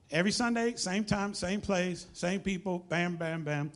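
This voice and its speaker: A man with a high voice preaches a sermon at a moderate pace, telling an animated story in which he acts out the dialogue.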